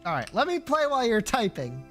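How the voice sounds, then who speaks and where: A man's voice: very high voice, huge pitch swings, fairly quick, faint music behind. A man streaming a game, chatting casually and joking while reading the dialogue aloud.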